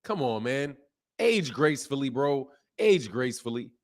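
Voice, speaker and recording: A man's voice: medium pitch, moderate pace. A man hosting a casual live stream about boxing, talking in slang and reacting to chat comments. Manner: animated, slangy, reads chat comments aloud. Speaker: boxing channel host.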